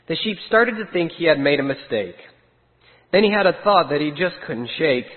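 A man reads a rhyming storybook aloud in a steady, sing-song rhythm. His fairly high voice comes through a thin, phone-like line with a long, hollow reverb. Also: normal speed.

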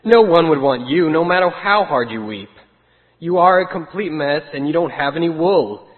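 A man playing a big, cruel storybook wolf who snarls and mocks. The voice sits high and comes through a thin, phone-like line with a long, hollow reverb. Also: lively intonation, normal speed, natural voice. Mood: menacing. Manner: snarling and mocking.

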